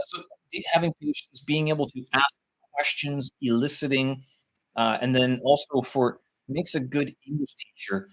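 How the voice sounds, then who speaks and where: A man's voice: medium pitch, low-quality recording. A man talking live about teaching English, rambling and searching for words as he thinks aloud. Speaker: vlogger on teaching English abroad. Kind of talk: live-stream talk.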